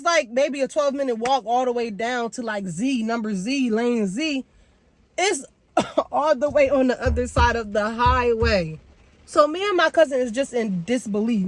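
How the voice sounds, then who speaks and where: A young woman vlogger telling a story casually, animated and slangy, with big jumps in pitch.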